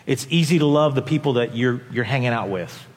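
A man preaching a sermon as a pastor, impassioned, swinging from quiet, low passages to loud, high peaks. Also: a little fast. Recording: long hall reverb.

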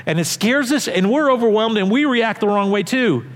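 Animated male pastor preaching. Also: high-pitched, moderate pace, long reverb tail. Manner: animated, emphatic, conversational preaching. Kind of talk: sermon.

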